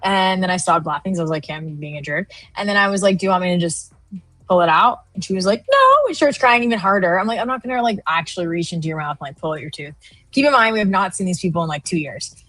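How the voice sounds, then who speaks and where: A woman's voice: fairly low pitch, racing, dry recording, soft background music. Chatty woman telling a funny story. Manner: chatty storyteller, animated quoted voices. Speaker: co-host of a live trading stream. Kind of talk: casual chat.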